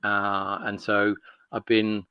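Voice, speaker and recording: A miniatures business owner from London, in his sixties with a North London accent, is a podcast guest spinning long, rambling anecdotes in a chatty way and acting out dialogue. He speaks slowly with a fairly low pitch, a clean tone and completely flat delivery, over dull audio.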